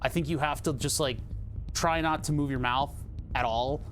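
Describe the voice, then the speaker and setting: A man's voice: medium pitch, steady tone, normal speed, fairly bright tone, soft background music. A man with a Philadelphia accent, streaming live and chatting casually, rambling, laughing often and swearing now and then.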